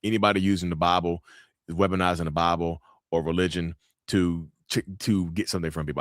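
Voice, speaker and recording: A man's voice: low voice, fairly even intonation, fast talker, dry recording, clean studio sound. A man chatting casually on a livestream, reacting to viewer comments in a blunt, emphatic way that repeats phrases for effect.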